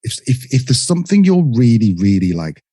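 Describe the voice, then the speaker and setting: A man's voice: mid-range voice, brisk, no room sound, clean studio sound. A middle-aged man from England with a British accent, telling stories as a podcast guest and playing out quoted exchanges. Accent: British English. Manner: lively storyteller who acts out quoted exchanges. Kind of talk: casual conversational interview.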